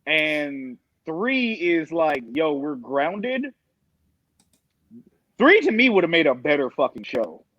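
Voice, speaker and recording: Man, podcast guest, swearing and excitable, slightly high voice, muffled dry recording. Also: slow, no echo. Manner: profane, excitable storytelling. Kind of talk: casual podcast chat. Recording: dull lo-fi dry mic.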